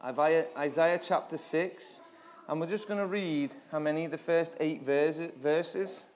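A man giving an informal Bible teaching in a church, chatting conversationally, then reading scripture slowly and dramatically with sudden loud emphatic bursts. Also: fairly high pitch, steady tone. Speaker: preacher.

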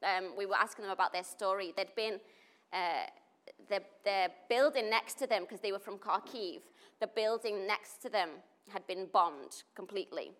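A woman's voice: mid-range voice, moderate pace. A woman tells a story in a loose, chatty way. She leans on fillers like 'like' and 'you know' and brings the moments to life. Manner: animated, full of 'like' and 'you know', acts out quotes. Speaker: volunteer helping refugees. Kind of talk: casual spoken storytelling.

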